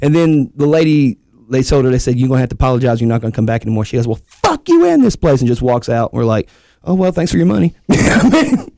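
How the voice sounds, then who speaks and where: A man telling profane, animated stories as a wrestler guest on a podcast. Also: mid-range voice, no room sound. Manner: fast, profane, animated storytelling. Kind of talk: casual podcast storytelling.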